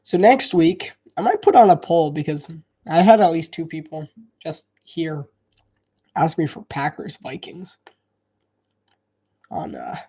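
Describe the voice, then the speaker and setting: This live play-by-play commentator covers a football game in a relaxed, chatty style, often restarting as he hedges and thinks out loud. He speaks a little slowly in a fairly high, dark, slightly rough voice.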